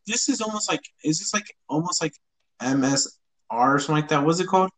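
A man's voice: on the high side, expressive, fast talker, poor audio. A young man co-hosting a casual podcast, rambling and hesitant, often restarting his sentences. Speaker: podcast co-host. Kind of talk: casual chat.

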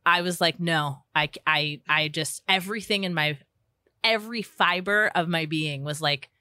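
A woman's voice: low-pitched, normal speed, pushed and bright, smooth, no echo. A young adult woman, a therapist guest, talking candidly in a casual chat with lots of fillers and restarts. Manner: chatty, self-deprecating, many fillers and restarts.

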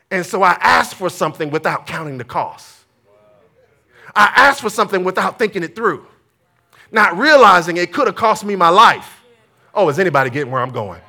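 Man, preacher, high voice, bright and forceful, animated storytelling, AAVE speech. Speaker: pastor. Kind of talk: sermon.

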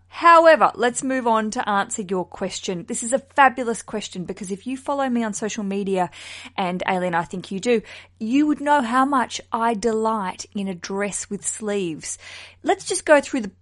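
A woman from Australia hosting a podcast in casual chat, frank and expressive, swearing casually. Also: medium pitch. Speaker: podcast host.

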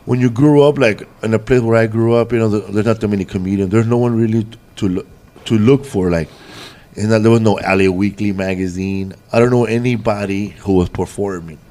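A man's voice: lowish voice, brisk, warm tone. Rambling, foul-mouthed male comic. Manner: rambling, swears freely, loose street slang. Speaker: comedian guest. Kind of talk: casual storytelling chat.

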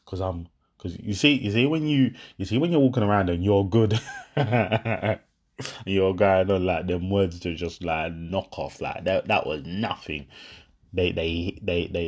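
A young man with a lowish voice, talking straight to his viewers. He tells a story about a row with his partner and laughs through it. He plays both sides of the argument in an animated way. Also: muffled recording. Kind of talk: casual monologue to viewers.

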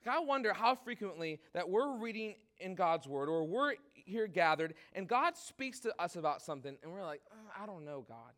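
A man in his thirties preaches with a loose, conversational energy and keeps dropping "like" as he talks to the congregation. His voice sits high for a man and has a bright, forward tone. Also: normal speed, hardly any pauses. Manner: casual, animated preaching with frequent "like". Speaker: pastor. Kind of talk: sermon.

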